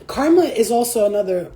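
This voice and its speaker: A woman's voice: a little high, creaky, dark tone. A woman in a casual spiritual vlog, talking loosely and with lots of swearing, often laughing and acting out voices as she tells her story. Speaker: spiritual reader.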